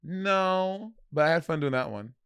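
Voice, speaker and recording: A man's voice: a little high, lively intonation, measured pace, gravelly, fairly bright tone, clear, resonant tone, no room sound. A man with a New York accent co-hosting a podcast, brash and profane, teasing in street slang. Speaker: podcast co-host. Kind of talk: casual podcast banter.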